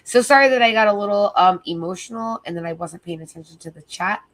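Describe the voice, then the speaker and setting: A worn-out woman streamer talks loosely to her audience, drifting between thoughts with lots of ums and likes. Her voice sits at an ordinary middle pitch. She curses freely and sounds sleepy. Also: fast talker. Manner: rambling, filler-heavy, profane. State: sleepy, tired. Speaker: livestream host. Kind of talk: casual livestream chat.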